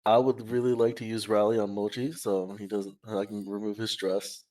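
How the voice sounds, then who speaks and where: A man playing a tabletop game, speaking in a polite, measured way about his turn. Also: on the low side, level tone, a little mellow. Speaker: player.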